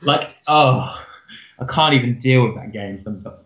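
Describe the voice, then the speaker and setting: A man's voice: mid-range voice, moderate pace. A man with a West Country English accent chatting casually as a player, emphatic and joking. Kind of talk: casual chat. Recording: roomy, dull lo-fi sound.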